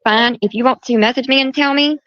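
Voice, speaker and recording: A middle-aged woman with a high-pitched voice talks fairly quickly on her livestream, telling a heated, casual story about a quarrel. She quotes the dialogue and repeats herself. There is no echo, and the stream audio sounds dull and lo-fi.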